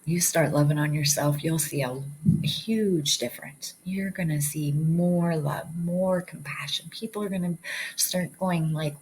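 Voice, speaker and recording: A woman's voice: fairly low pitch, unhurried, darkish tone, a little hiss or hum, low-quality recording. A woman giving an earnest, encouraging spiritual talk in a casual way, often repeating her words. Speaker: hypnosis practitioner.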